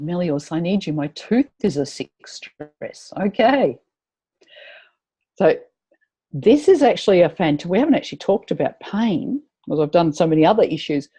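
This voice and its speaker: A woman's voice: lowish voice, warm tone, husky. A woman leading a live tapping webinar, chatty and encouraging as she guides her attendees.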